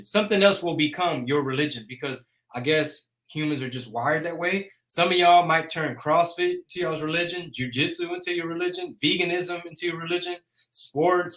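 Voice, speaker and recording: A man's voice: a little high, a bit bright. A man, hosting a casual live chat in a brash, joking rant. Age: 40s. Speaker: host.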